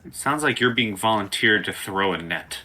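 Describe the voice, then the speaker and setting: A man running a tabletop game as game master, calmly explaining the setup step by step. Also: fairly low pitch, moderate pace.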